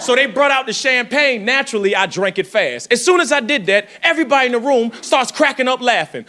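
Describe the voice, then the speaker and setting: High-voiced man doing stand-up. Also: brisk, few pauses, slight background noise. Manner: loud, animated, full of sound effects and put-on voices. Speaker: stand-up comedian. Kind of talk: stand-up comedy set. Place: comedy club stage. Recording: live club with crowd laughter.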